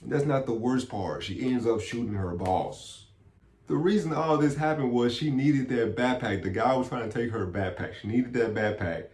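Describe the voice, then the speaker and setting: A man running through a movie plot in a casual, animated recap full of slang. His pitch sits in an ordinary middle range, and the sound has the echo of a bare room. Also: normal speed. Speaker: movie reviewer. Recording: echoey room.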